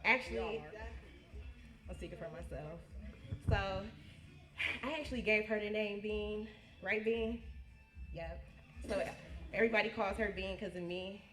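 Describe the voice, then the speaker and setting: A woman, giving a birthday toast as a niece, halting and repeating herself, close to tears. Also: medium pitch, music in the background. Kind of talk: emotional party toast. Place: party hall, indoors. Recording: echoey room.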